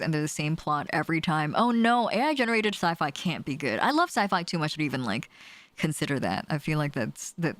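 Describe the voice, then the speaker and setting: A woman's voice: low voice, dry recording. A young woman streaming from a small home room, chatting casually with her viewers, laughing often and swearing freely. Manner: animated, swears casually, laughs often, reads chat aloud. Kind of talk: casual chat with live chat while gaming.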